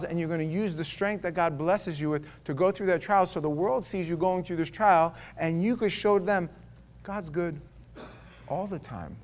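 A man with a high voice, preaching a sermon with strong emphasis. He swings from forceful, raised declarations down to hushed, low asides. He puts rhetorical questions straight to his listeners. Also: slight background noise.

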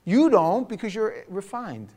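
Emphatic New York-accented preacher. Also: male voice, big pitch swings, unhurried. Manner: emphatic, swings between loud punches and low asides. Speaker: pastor. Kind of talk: conversational sermon with storytelling.

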